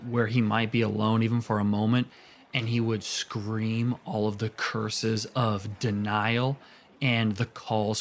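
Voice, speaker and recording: Low-voiced man playing a tabletop game. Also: a little hiss or hum. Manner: earnest, deliberate, in-character narration. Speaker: player.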